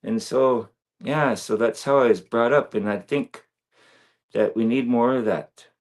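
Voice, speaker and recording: A man's voice: medium pitch, unhurried. A man talking earnestly and reflectively as a guest on a video-call interview, with many fillers. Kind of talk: casual interview talk.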